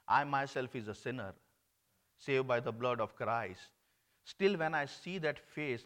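A man from India, preaching an earnest sermon that swings between emphatic and hushed. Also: medium pitch.

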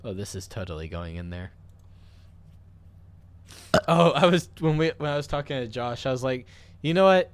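A woman's voice: a bass voice, expressive, normal speed, long pauses, dry recording. A woman hosting a podcast, chatting casually and teasing with lots of laughter over a voice call. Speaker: podcast host. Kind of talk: casual chat. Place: home, on a voice call.

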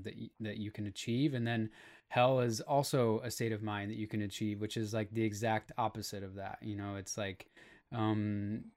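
A male podcast guest who talks very slowly in a low voice. He hunts for each word, trailing off with "uh" and "like" as he works through an idea. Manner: hesitant, searching for words, many fillers. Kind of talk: casual chat.

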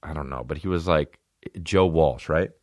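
Low-voiced man ranting on a solo podcast. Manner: rambling, profane, animated, jumps into quick mock voices. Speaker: podcast host. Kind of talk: solo comedic podcast rant. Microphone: phone.

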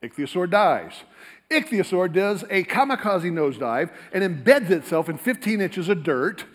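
A man giving a lively, rapid-fire, joking talk to a live audience in a lecture hall. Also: high voice. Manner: rapid-fire, animated, jokey, talks to the crowd. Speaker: creationist speaker.

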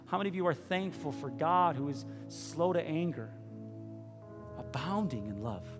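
Male preacher, fairly high voice, animated storytelling sermon, long hall reverb with soft music underneath. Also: moderate pace. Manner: animated storytelling, swinging between loud peaks and hushed asides.

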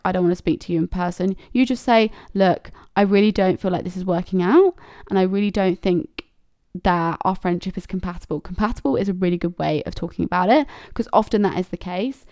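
A woman's voice: mid-range voice, smooth, no echo, clean studio sound. A woman hosting a casual advice monologue, candid and blunt, swearing freely and acting out quoted messages. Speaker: podcast host.

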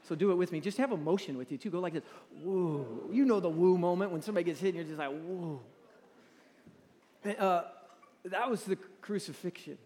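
A man in his forties preaching a sermon in a church, talking in a halting, conversational way with repeated words and drawing the audience to respond. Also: high voice, warm tone. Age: 40s. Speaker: pastor. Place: large church hall. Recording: long reverb in a large hall.

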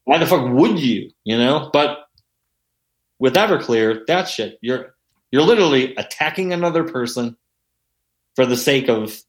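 A man telling stories in a casual chat, animated and heavy on swearing. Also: medium pitch, moderate pace, pauses often. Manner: profane, animated storyteller. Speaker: podcast guest. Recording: roomy echo.

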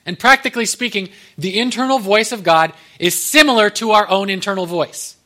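A man's voice: high voice, fairly quick, bright, forceful tone. A man pastor giving a conversational sermon, with joking asides to the congregation.

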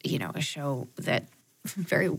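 A woman's voice: low voice, a little slow, slightly rough. A woman co-hosting a podcast, talking casually with lots of fillers. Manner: chatty, many fillers, lively. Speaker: podcast co-host. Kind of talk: casual chat.

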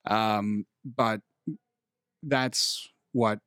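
A young man talks in a relaxed, rambling way, pausing now and then to dig up a name he can't quite recall. His voice sits on the low side. The studio sound is dry and close. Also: clean tone, dry recording. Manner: rambling, trails off to search for names. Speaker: podcast host. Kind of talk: casual chat. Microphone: studio microphone.

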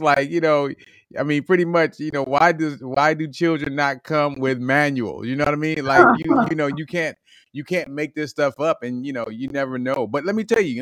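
A man hosting a podcast, talking casually and announcing the episode topic with animated, drawn-out hype. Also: a little high, a little hiss or hum. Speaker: podcast host.

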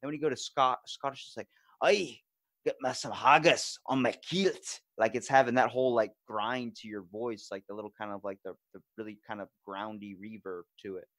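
A male podcast host who talks quickly and playfully, jumping from thought to thought. His voice sits low. The sound is close and dry. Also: little pitch movement, no room sound. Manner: fast, rambling, playful. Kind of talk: casual podcast chat.

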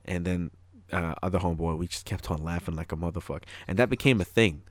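A man's voice: low voice, fast, no echo. A man chatting casually and telling a story, acting out voices and swearing as he goes. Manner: storytelling with acted-out voices, swearing, laughing often. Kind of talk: casual chat.

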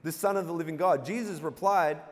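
A man's voice: on the high side, a little fast. A man preaching a sermon, playful, calling out for the congregation to answer back and laughing at his own jokes. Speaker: pastor. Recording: long hall reverb.

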